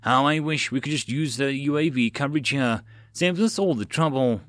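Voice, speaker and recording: A man voicing a calm, careful adult male team leader giving quiet orders in a storybook reading. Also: medium pitch, moderate pace, no room sound, clean studio sound, lightly acted. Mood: wry.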